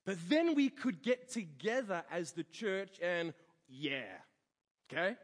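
A long church hall reverb surrounds a slow, high-pitched male voice. The pastor is preaching through a story, playing each character with lively quoted voices.

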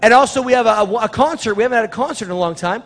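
In a church sanctuary, a man with an extremely high, racing voice gives announcements and leads a prayer. He's chatty and rambling, tossing in joking asides, and the recording has the reverberation of a church hall with faint music.

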